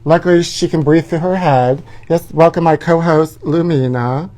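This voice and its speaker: A man's voice: fairly high pitch, moderate pace, dark tone. Sassy campy man dishing gossip. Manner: sassy, campy, keeps calling listeners honey. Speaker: gossip show host. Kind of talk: campy live gossip chat. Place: indoors at his parents' house.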